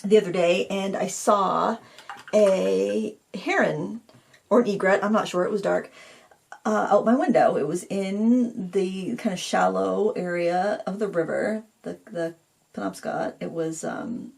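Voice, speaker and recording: A woman's voice: mid-range voice, measured pace, gravelly, darkish tone. A middle-aged woman hosting a painting tutorial, rambling in a self-deprecating way as she talks to viewers while she works. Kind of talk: casual chatty painting tutorial.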